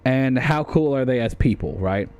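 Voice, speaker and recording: A man's voice: mid-range voice, expressive, normal speed, darkish tone. A man from the United States doing livestream commentary as he ranks a tier list, rambling and swearing with plenty of fillers and restarts. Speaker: streamer.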